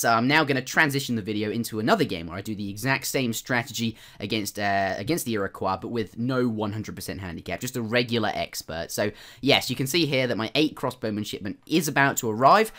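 A man's voice: fairly low pitch, fairly bright tone. A man giving casual gameplay commentary as a video host, chatty with frequent fillers and restarts. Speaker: gaming YouTuber.

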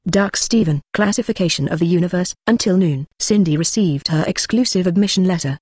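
A text-to-speech audiobook narrator reading a machine-translated web novel in a flat, evenly paced manner. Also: medium pitch, a little fast, hardly any pauses, breathy edge, dry recording, clean studio sound.

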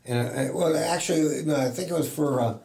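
A brisk, gravelly, dark-toned male voice with fairly high pitch: a middle-aged American talent agent, on as an interview guest. He spins rambling anecdotes in relaxed chat, acts out quoted voices, and uses a lot of fillers.

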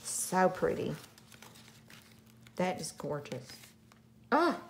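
A woman chats through a craft unboxing in an unhurried way, gushing and exclaiming with delight. A faint hiss sits behind her home recording. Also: fairly low pitch, lively intonation. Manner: gushing, effusive, frequent gasps and "oh my gosh". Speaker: craft channel host. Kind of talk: casual unboxing chat.

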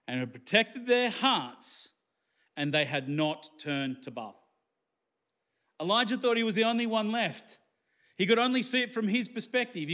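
Man preaching with a high, bright voice. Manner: conversational, colloquial, swings between lifted emphasis and low, quiet asides. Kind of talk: sermon.

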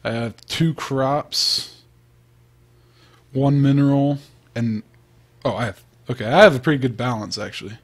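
A man's voice: medium pitch, measured pace, pauses often. A man giving casual, chatty gameplay commentary, thinking aloud and trailing off as he plays. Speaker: let's play host.

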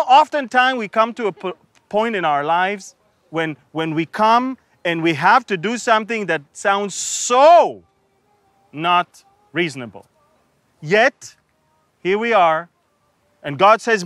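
With no room sound around him, a man with a high, somewhat bright voice preaches a comic Bible sermon. He voices the people in the story, full of sarcasm and laughter.

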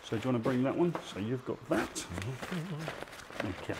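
A middle-aged man hosting a live stream, chatting and joking in a relaxed banter with his co-host. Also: medium pitch, normal speed, vocal fry, slight background noise. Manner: jokey, chatty presenter banter.

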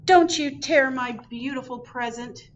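A woman's voice: medium pitch, sing-song, moderate pace, a bit bright, recorded from a distance, muffled recording, slight background noise, pitched above the performer's own voice. A woman voicing a polite, proud young squirrel who talks eagerly.

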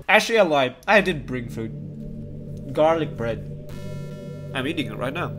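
A man's voice: mid-range voice, big pitch swings, measured pace, pauses often, over music. A young man hosting a let's play, joking and bantering with the game from his room at home. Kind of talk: gameplay commentary.

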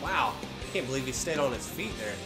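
A chatty, excitable man giving casual reaction commentary at home, laughing often as he talks. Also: medium pitch, fairly quick. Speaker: reaction video host. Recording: echoey room with faint music.

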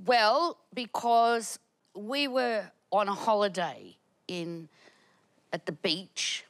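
A woman comedian telling a rambling, halting story on a panel show, laughing as she goes. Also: mid-range voice. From Australia.

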